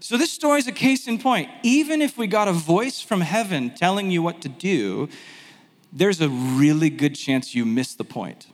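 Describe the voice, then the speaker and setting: High-voiced man preaching in a hall. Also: moderate pace. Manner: conversational, animated, self-deprecating asides. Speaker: pastor. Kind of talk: sermon teaching.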